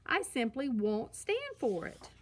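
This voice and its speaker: Storybook mother bear, firm and measured, laying down the rules, voiced by a woman reader. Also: on the high side, huge pitch swings, exaggerated voice.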